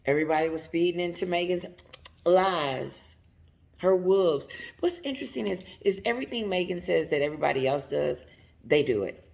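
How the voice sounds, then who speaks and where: Gravelly, animated woman giving casual commentary. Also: fairly low pitch, normal speed. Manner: emphatic, laughs often, talks to the viewers. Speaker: commentary channel host.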